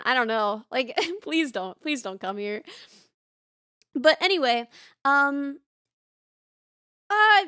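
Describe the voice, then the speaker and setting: High bright chatty young woman. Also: no echo, clean studio sound. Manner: rambling, chatty, frequent restarts and laughs. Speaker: streamer. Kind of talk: casual chat reading live chat.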